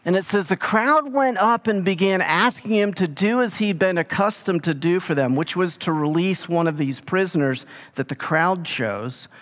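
Casual, fairly high-voiced male preacher. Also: normal speed, few pauses, a bit bright. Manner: casual storytelling, paraphrasing scripture in everyday speech. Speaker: pastor. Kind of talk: conversational sermon.

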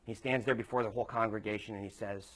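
A man's voice: on the low side, fairly even intonation, fast, fairly bright tone. A male preacher delivering a sermon, telling a story conversationally with emphatic points.

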